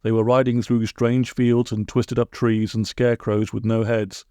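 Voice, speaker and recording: A man reading a comic storybook aloud, with deadpan asides. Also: medium pitch, normal speed, smooth, no echo, clean studio sound. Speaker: narrator.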